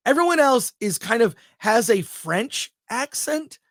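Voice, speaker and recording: A man's voice: extremely high pitch, big pitch swings, a little slow, fairly bright tone, dry recording. Give me an enthusiastic man reviewing a film in casual chat, with a dry, close sound. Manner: enthusiastic, rambling, thinks aloud. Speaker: film review show host.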